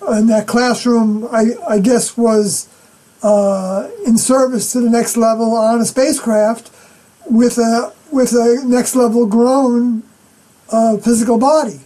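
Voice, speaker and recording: A middle-aged woman giving an unscripted scripture commentary as a personal testimony, halting and often clearing her throat. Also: fairly high pitch, steady tone, mellow, rough recording.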